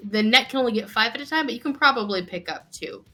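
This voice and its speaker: Bright-voiced woman running a tabletop game. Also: a little high, expressive, quick pace, faint music behind. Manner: chatty, self-correcting, laughs often. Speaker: game master. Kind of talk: narrating a live tabletop game.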